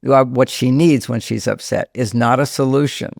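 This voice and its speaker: Older male counselor guest, gravelly voice, dry close mic, long explanations. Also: mid-range voice, fairly even intonation, moderate pace, no room sound. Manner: explains at length, drops to a hushed voice when quoting a scared child. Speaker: relationship counselor and author, guest. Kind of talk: conversational podcast interview.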